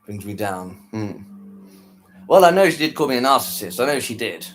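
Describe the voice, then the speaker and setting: A man's voice: mid-range voice, sing-song, moderate pace, slight background noise. A tired man chatting casually to his viewers after a live stream, rambling, repeating himself and trailing off. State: tired, worn out.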